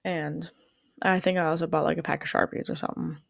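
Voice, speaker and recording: Young woman musing in a gravelly voice. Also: sits low, fairly even intonation, fast talker, no room sound, clean studio sound. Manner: rambling, heavy use of "like", frequent restarts. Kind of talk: reflective personal storytelling.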